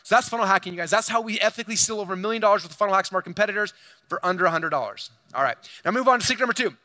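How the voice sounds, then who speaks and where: A man giving an energetic seminar talk to a large audience, animated and boastful as he speaks straight to the crowd. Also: high-pitched, very fast, no echo. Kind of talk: energetic stage presentation.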